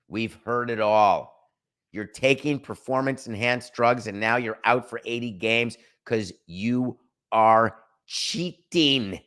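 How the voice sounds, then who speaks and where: A man's voice: medium pitch, slow pace, a bit bright. A middle-aged man hosting a sports talk show, ranting in an opinionated, sarcastic monologue. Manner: sarcastic, emphatic, rants with mock quotes.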